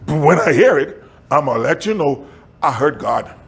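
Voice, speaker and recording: Animated preaching man, fairly high voice. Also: normal speed, vocal fry. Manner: animated preaching with sudden high pitch swings; chuckles while telling stories. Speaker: pastor. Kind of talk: sermon with storytelling.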